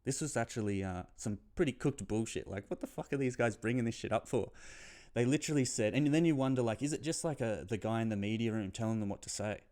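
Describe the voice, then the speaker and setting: A man's voice: mid-range voice, fast talker, a little mellow. A young Australian man giving a casual, rambling footy commentary, swearing freely and sometimes losing his train of thought. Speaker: footy tipping vlogger.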